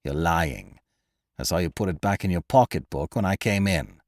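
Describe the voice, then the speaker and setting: A man's voice: low-pitched, big pitch swings, normal speed, no room sound, clean studio sound, full character voice. A man doing a mocking, gun-waving crook. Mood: threatening. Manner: gruff, mocking, clipped threats. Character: menacing misshapen male clerk, a gun-wielding crook.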